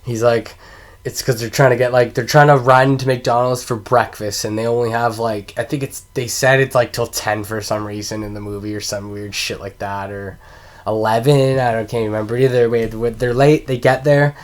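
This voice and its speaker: A man's voice: medium pitch, fairly even intonation, moderate pace. A man casually ranking movies in a vlog, rambling and swearing freely, laughing often and losing track of names mid-sentence. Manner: profane, rambling, laughs a lot, trails off forgetting names. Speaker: movie review vlogger.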